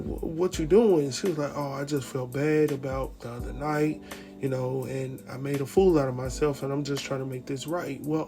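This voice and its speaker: Guy recapping a tv show, animated, does all the voices, kinda high voice, faint music behind. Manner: animated, acts out quotes, laughs often. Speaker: TV recap host. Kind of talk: casual recap commentary.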